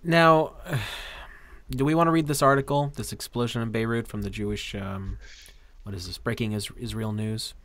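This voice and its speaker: A man's voice: medium pitch, fairly even intonation, normal speed, a bit bright, no room sound. A man speaking bluntly in a casual live-stream chat, often sighing.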